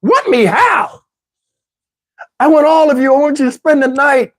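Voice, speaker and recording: A man putting on the voice of a woman on the phone, tearful and pleading, high and drawn out. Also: flat delivery, fast.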